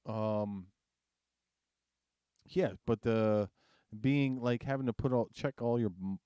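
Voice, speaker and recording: American guy cohosting a podcast, low mellow voice, swears a lot, dry close mic. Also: clean tone, no echo. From United States. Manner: profane, laughing, mocking impressions. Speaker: podcast co-host. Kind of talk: casual chat.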